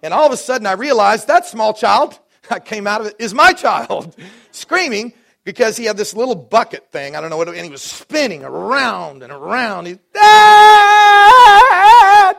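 Fervent high-voiced preacher in his forties. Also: sing-song, moderate pace, creaky. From Dallas, Texas. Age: 40s. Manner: preaching with rising fervor and warm asides. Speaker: pastor. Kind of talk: sermon.

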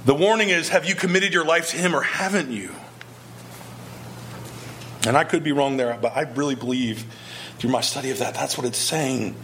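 A man's voice: mid-range voice, moderate pace, pauses often, a bit bright, slight background noise. A male pastor preaching a sermon, earnest and emphatic, pressing his point with repeated rhetorical questions.

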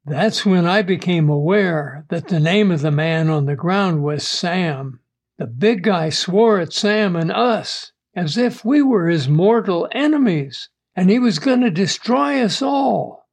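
Slow, high-voiced male storyteller. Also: darkish tone. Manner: slow, measured first-person storytelling. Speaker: narrator. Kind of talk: audiobook story reading.

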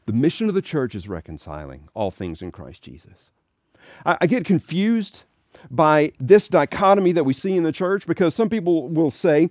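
A man giving a sermon-style talk as a Catholic speaker, telling stories in an animated way and acting out what people said. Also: mid-range voice, moderate pace, no room sound, clean studio sound. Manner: animated storytelling with acted quotes.

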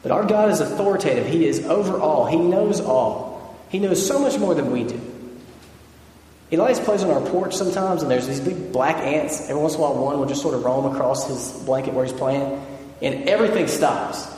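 Man in his thirties, pastor preaching with earnest, repetitive cadence, voice a touch high, long booming church reverb. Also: lively intonation, brisk, warm tone. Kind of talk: sermon. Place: church sanctuary. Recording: echoey church hall.

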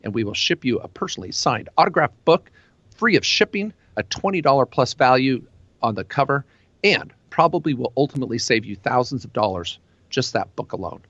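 A man hosting a talk-radio show about tax and law, chatting in a loose, animated way full of "uh"s and restarts. His voice sits at an ordinary pitch. The sound is dry and a little dull, as from a studio mic. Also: fairly quick, dry recording. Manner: animated, rambling with fillers and restarts.

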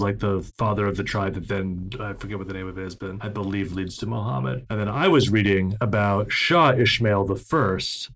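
Curious, musing man discussing a novel. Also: on the low side. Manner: musing, curious, casual with mild swearing. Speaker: book club co-host. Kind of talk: casual book discussion.

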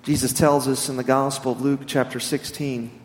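A man preaching a sermon, telling stories in an animated, humorous way. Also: medium pitch, normal speed. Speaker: pastor. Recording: echoey hall reverb.

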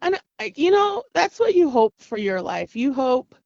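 A woman in her thirties, from the Navajo Nation, telling personal stories in an interview with an earnest, halting manner. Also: high-pitched, very animated, gravelly, a little mellow, dry recording, dull audio. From Navajo Nation, US Southwest. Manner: earnest, halting, with frequent restarts and laughs. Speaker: interview guest. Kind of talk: reflective personal storytelling.

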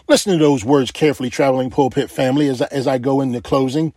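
A man preaching a sermon with an emphatic, repetitive cadence and drawn-out stresses. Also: medium pitch, fairly even intonation, a little mellow, dry recording, clean studio sound.

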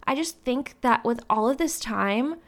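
A woman's voice: on the high side, lively intonation, measured pace. A woman in her twenties hosting her own podcast, rambling in a casual, upbeat way with lots of fillers. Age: 20s. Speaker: podcast host. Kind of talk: casual solo podcast talk.

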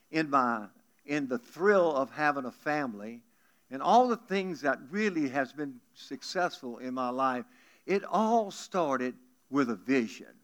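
A man in his seventies with a South Louisiana accent, preaching in a folksy, joking way to a congregation. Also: medium pitch. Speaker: guest pastor. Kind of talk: folksy storytelling sermon.

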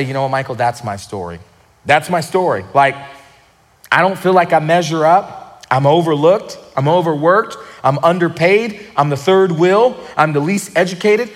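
A Southern American man preaching a sermon in church, animated and acting out scenes in quoted voices. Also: a little high, long reverb tail. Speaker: pastor. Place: church sanctuary.

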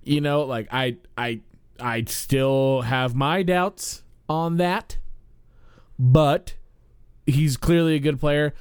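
A man co-hosting a sports podcast, talking in an animated, casual way and swearing freely. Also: fairly high pitch, slow pace, clean tone, dry recording, studio quality. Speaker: podcast co-host.

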